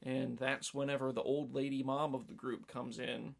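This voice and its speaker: Guy cohosting a podcast, gravelly voice, rambly animated storytelling. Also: medium pitch, moderate pace. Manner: rambling, animated storytelling with many fillers and acted-out quotes. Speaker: podcast co-host. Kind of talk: casual chat recapping a horror film.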